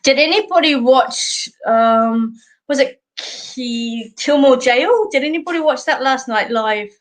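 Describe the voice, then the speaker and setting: Hosting a live stream, a middle-aged Australian woman chats with her viewers in a loose, wandering way, laughing a lot. She speaks a bit slowly, her voice sitting high.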